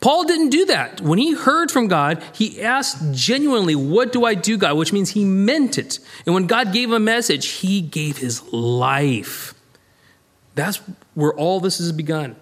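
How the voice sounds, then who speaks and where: Lively man teaching a Bible study. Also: high-pitched, unhurried. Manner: lively, conversational, reads scripture aloud and acts out quoted lines.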